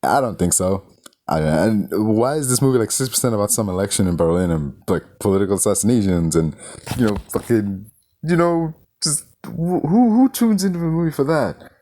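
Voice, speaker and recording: A man ranting through a film review, his voice leaping up and down in lively swings. He sounds exasperated and incredulous, swears freely and keeps asking rhetorical questions. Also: fairly low pitch, normal speed. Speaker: movie reviewer.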